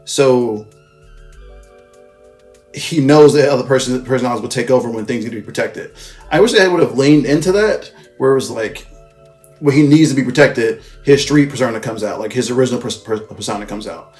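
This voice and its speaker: A man's voice: medium pitch, brisk, darkish tone. Male reviewer with a mid-range voice for a casual, rambling plot recap, loose and profane, with faint music behind. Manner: rambling, profane, with frequent self-corrections. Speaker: movie reviewer.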